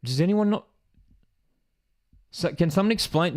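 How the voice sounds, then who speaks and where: A man hosting a live football watchalong, reacting with disbelief and excitement and reading out viewer comments. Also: sits high, moderate pace, pauses often, dry recording, studio quality. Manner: excitable, disbelieving, rises sharply when outraged or celebrating.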